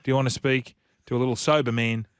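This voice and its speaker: A man's voice: mid-range voice, fairly even intonation, quick pace, clear, resonant tone, no room sound, studio quality. A man co-hosting a sports radio show in playful, joking banter. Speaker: radio co-host. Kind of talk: casual radio chat.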